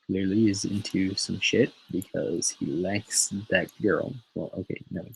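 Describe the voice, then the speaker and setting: Slow, gravelly man chatting casually. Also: low-pitched, a little hiss or hum, poor audio. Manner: profane, rambling, laughs often. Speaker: show host. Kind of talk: casual rambling chat.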